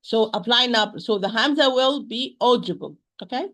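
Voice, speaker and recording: A woman with a slightly high voice teaches a recitation lesson. She speaks haltingly, repeating words as she searches for them. She pronounces examples aloud and drives rules home by saying them twice. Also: expressive, a bit bright. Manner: stresses rules with emphatic repetition.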